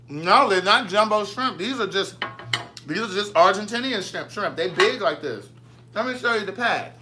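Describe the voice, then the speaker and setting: A man's voice: fairly high pitch, noisy background. A man, chatting casually from his home kitchen as a vlogger, playfully answering viewer comments. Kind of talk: casual live chat with viewers.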